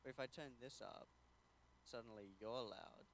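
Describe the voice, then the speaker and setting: A man with a middle-pitched voice chats casually with friends over a headset on a live stream, breaking off now and then to fix his audio settings. Faint noise hums under the recording. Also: moderate pace, gravelly. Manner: chatty, fiddles with audio settings while talking.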